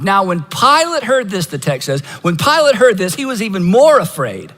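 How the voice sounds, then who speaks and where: A man preaching a sermon, retelling a story dramatically and dropping to hushed, intimate tones for emphasis. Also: high voice, huge pitch swings, moderate pace, hardly any pauses, in a large hall, soft background music. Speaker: pastor.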